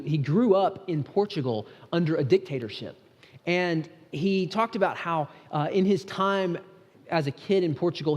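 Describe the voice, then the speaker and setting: Long church-hall reverb surrounds a male pastor whose voice is fairly high and a little mellow. Preaching in the sanctuary, he stays earnest and conversational and keeps restarting his sentences.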